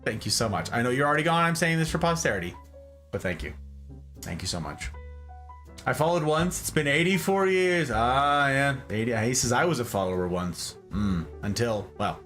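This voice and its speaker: Lively, bright-voiced male streamer. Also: mid-range voice, normal speed, faint music behind. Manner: reads chat aloud and answers viewers. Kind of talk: casual live-stream chat.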